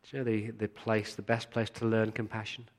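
A man's voice: lowish voice, monotone, fairly quick. A male pastor giving a sermon, speaking earnestly and appealing directly to his congregation.

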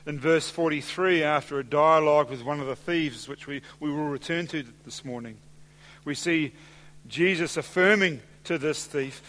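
A man preaching a sermon in a church, measured and deliberate, dropping softer and slower when he quotes scripture. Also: on the high side. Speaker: pastor. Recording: long hall reverb.

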